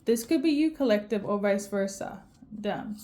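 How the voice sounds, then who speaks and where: Speaking at a normal pace, this tarot reader has a dark, medium-pitched voice and an animated delivery. Tearful and emotional, she offers an intuitive reading straight to camera, repeatedly tacking "okay?" onto what she says.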